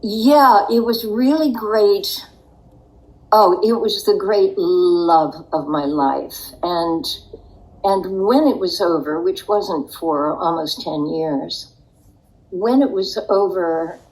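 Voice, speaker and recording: A woman's voice: lowish voice, slow pace, a little mellow, rough recording. An older woman telling a personal story in a podcast interview, in a reflective, wry way. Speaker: interview guest.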